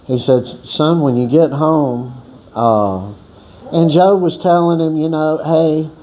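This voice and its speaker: A man's voice: on the high side, fairly even intonation, slow, mellow, a little hiss or hum. A man casually telling a long, rambling story with folksy, profane talk and many restarts. He acts out other people's words as he goes. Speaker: storyteller on a boxing workout channel.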